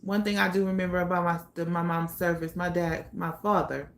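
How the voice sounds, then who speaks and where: Blunt gravelly-voiced young woman storyteller. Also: fairly low pitch, little pitch movement. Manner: candid, blunt, pausing with fillers. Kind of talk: personal storytelling monologue.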